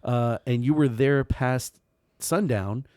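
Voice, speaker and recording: A man co-hosting a true-crime podcast, reading out the case in casual chat with dark, sarcastic humor, frequent laughter and swearing. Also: mid-range voice, takes it slowly, no room sound, clean studio sound.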